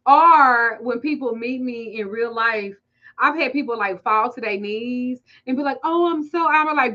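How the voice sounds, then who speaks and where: A Southern woman chats on her livestream in a bright, slightly high voice, swearing freely and laughing through her stories. The audio is a bit muffled and lo-fi, as if it came through a modest stream setup. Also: a little slow. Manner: profane, laughing, storytelling banter. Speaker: spiritual reader and livestream host. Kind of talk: casual livestream chat.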